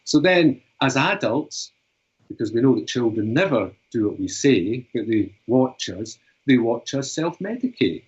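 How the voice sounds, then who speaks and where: British psychotherapist in his fifties, earnest and explanatory, husky, on a lo-fi line. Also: mid-range voice, animated, measured pace, a little mellow. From Britain. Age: 50s. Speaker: psychotherapist and author. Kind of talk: storytelling and interview talk. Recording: dull lo-fi recording.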